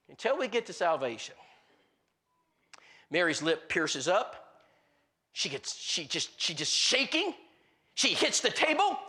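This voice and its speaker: Animated preacher man, lively pitch. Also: brisk. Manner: animated, acts out the people in his stories; frequent restarts and filler words. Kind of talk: storytelling sermon.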